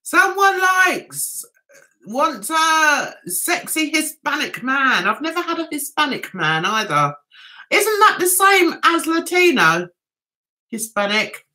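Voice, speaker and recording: A middle-aged Mancunian woman from Manchester, England hosts a livestream, chatting casually, giggling often and reading viewer comments aloud. Her high voice is very animated and sharp in tone, though she speaks a little slowly.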